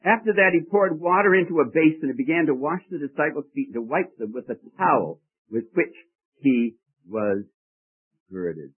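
A man's voice: on the high side, lively intonation, moderate pace, husky. Preacher man on a tinny, lo-fi recording. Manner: expository teaching with questions to the congregation. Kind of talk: sermon. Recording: tinny phone-like old recording.

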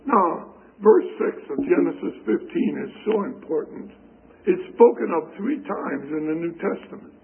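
A man preaching a sermon, reading scripture slowly and deliberately, heard over a tinny radio broadcast. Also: sits high, animated, creaky, a little hiss or hum.

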